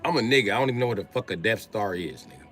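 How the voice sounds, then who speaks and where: A man streaming live, riffing through a profane comic rant in an animated, swearing manner. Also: lowish voice, very fast, soft background music. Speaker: comedian streamer.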